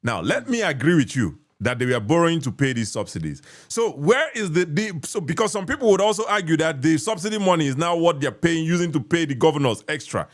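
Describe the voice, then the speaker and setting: A man's voice: a little high, sing-song, brisk, few pauses. A man with a Nigerian accent hosting a casual podcast, reading viewer comments and asking pointed questions. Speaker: podcast host.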